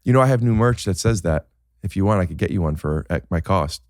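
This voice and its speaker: Guy hosting a podcast, kinda low voice, rambly jokey chat, dry close sound. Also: animated, darkish tone, no echo. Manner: rambling, joking, halting with many fillers. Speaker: podcast host. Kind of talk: casual chat.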